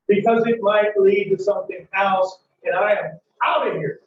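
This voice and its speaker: A man lecturing a psychology class, loud and emphatic, swinging his voice for emphasis and acting out little scenes. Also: sits high, normal speed, few pauses. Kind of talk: classroom lecture with acted scenarios. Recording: echoey lecture hall, dull mic from far off.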